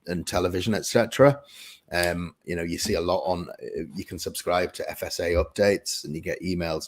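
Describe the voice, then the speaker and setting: Man, deep voice, trust representative, earnest, explanatory. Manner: earnest, explanatory, frequent fillers. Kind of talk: podcast guest Q&A.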